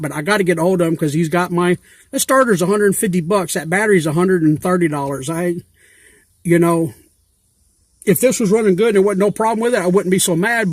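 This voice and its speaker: High-voiced man rambling casually. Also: no room sound. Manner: rambling, chatty, loose colloquial grammar. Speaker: YouTuber asking giveaway questions. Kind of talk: casual rambling vlog talk.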